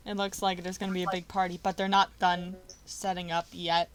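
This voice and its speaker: A woman's voice: on the low side, level tone, fairly quick, background noise. A woman narrating as game master, casual and hesitant with many fillers. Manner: casual, hesitant, laughing often.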